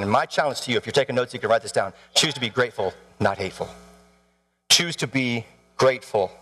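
A man's voice: mid-range voice, a bit bright. A man in his thirties preaching a sermon, telling a story with animation and asking the congregation questions. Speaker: pastor. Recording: long hall reverb.

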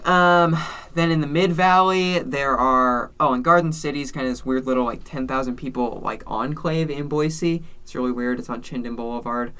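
Bright-voiced man, wry and chatty. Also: medium pitch, normal speed, few pauses, smooth. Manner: chatty, wry, explains with asides and jokes. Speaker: podcast co-host. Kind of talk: casual chat. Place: based in Salt Lake City.

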